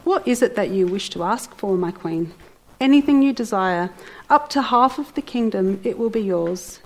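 A woman's voice: medium pitch, expressive, moderate pace, low-quality recording. Woman reading a commanding, hot-tempered king. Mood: generous. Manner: commanding, loud. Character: powerful, quick-tempered ancient king.

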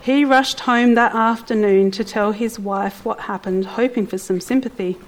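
A woman narrating a story in an expressive, theatrical way with playful asides. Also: on the high side, normal speed, rough recording.

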